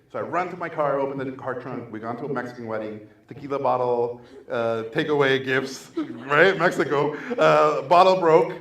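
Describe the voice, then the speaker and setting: A man telling a story at a live screening Q&A, full of energy and acting out every quote with sudden jumps in pitch and volume. He sits at a middle pitch and sounds set back from the mic, with the room's echo ringing around him. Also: fairly quick. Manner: lively, acts out quotes with big jumps in pitch and loudness. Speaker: filmmaker guest at a screening Q&A. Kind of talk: animated storytelling anecdote. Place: festival screening venue, live audience. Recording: echoey venue, distant mic.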